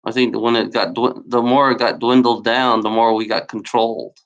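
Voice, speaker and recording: The YouTuber's mid-range voice comes across flat at a moderate pace, with the highs cut off in the recording. Angry at being lied to, he rants on, swearing and circling back to the same points.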